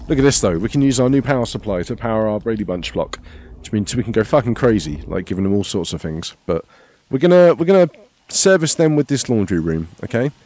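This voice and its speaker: A man's voice: medium pitch, big pitch swings, fairly quick, warm tone, no echo. A man hosting a casual let's-play, rambling, joking and swearing freely as he plays. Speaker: gaming channel host.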